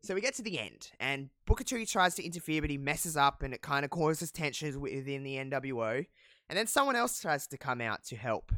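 A man telling a casual wrestling recap as a podcast co-host, animated, with lots of fillers. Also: on the high side, brisk, dry recording, clean studio sound. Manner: animated storyteller, many fillers.

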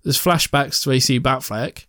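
A man's voice: medium pitch, moderate pace, fairly bright tone, no room sound. Young guy rambling about movies, swears a lot, dry close sound. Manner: rambling, sweary, laughs often. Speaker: podcast co-host. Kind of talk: casual film chat.

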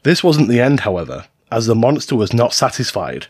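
A man's voice: mid-range voice, very animated, a little fast, breathy edge, no echo, studio quality. A man co-hosting a podcast, reading out stories in a casual, jokey way and swearing freely. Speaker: podcast co-host narrating stories.

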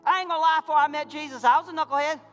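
A man pastor preaching a sermon in a church, folksy, calling out to his congregation, swinging from loud fervor to quiet intensity. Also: very high voice, steady tone, racing, highs cut off, faint music behind. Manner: impassioned, rising to shouts and dropping to quiet. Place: church sanctuary.

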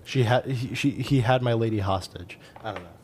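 A man playing in a casual tabletop game, joking and quick-witted. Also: medium pitch, slight background noise. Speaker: player.

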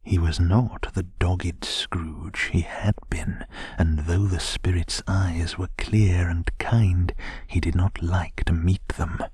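A man reading a classic story aloud in whispered bedtime narration, soft and slow, as the regular host of a sleep podcast. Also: deep voice, fairly even intonation, husky, no room sound, studio quality.

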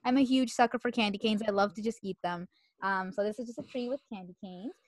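A woman's voice: mid-range voice, fast, no room sound. A woman co-hosting a podcast in casual, rambling chat, sniffling from a cold. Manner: chatty, rambling, giggly. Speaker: podcast co-host.

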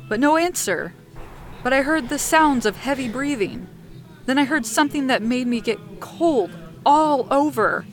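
A woman narrating a scripted horror story for a podcast, dramatic and slowing down for suspense. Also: fairly high pitch, fairly bright tone, slight background noise.

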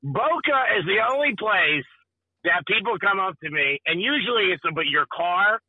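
A man's voice: high voice, lively intonation, husky, dry recording, phone-quality sound. A man hosting sports radio, telling wisecracking stories and quoting the people in them in casual banter. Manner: storytelling, wisecracking, quick to quote people.

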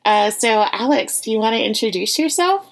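A woman's voice: a little high, expressive, moderate pace. An American woman hosting an interview, chatting eagerly with plenty of fillers. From United States. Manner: enthusiastic, many fillers and restarts. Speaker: podcast host. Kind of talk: casual interview chat.

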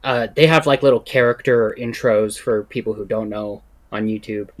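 A man's voice: fairly low pitch, level tone, normal speed. A man co-hosting a podcast in casual chat, with a laid-back manner and easy laughs. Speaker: podcast co-host.

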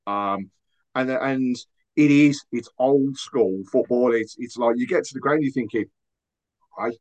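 A man's voice: medium pitch, a little slow, darkish tone. Earnest man chatting as a guest. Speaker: podcast guest, football fan. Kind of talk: casual chat.

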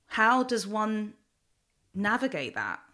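A woman from Central London interviewing a comedian, asking slow, measured questions with some hesitation. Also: medium pitch, sing-song, sharp tone.

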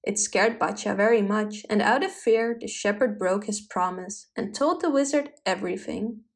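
A woman narrating a folk tale in an expressive, dramatic storybook style. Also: mid-range voice, normal speed, vocal fry.

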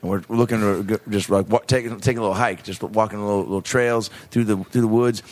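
A man voicing a rough-talking rural man who brags about doing meth, drawling, swaggering and cursing constantly. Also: lowish voice, fairly even intonation, fast, a little mellow, pitched below the performer's own voice, close to an everyday voice. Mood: boastful.

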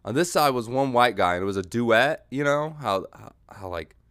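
Rambling man with a lively voice. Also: mid-range voice, moderate pace, smooth, no room sound, clean studio sound. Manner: animated, jumps into yelled mock voices, loses his train of thought. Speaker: podcast host. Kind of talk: rambling solo comedic monologue.

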